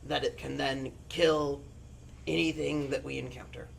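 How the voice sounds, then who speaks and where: Gravelly, grandiose tabletop player. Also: male voice, mid-range voice, little pitch movement, a little hiss or hum. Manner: grandiose, halting. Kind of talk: tabletop game table talk.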